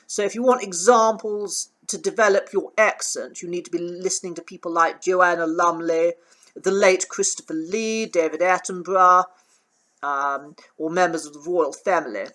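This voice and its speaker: A man coaching, speaking in a measured, hesitant way with many ums, on an uneven recording. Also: high voice, bright, forceful tone. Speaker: accent coach. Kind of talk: relaxed talking-head commentary. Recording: uneven, poor sound quality in parts.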